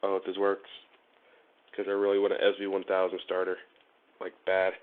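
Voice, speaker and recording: Low-pitched and monotone, a man speaks at normal speed while wiring a motorcycle on a casual live stream. This Ohio, USA, motorcycle vlogger jokes around with viewers and laughs often, and the recording has a narrow-band, phone-like quality.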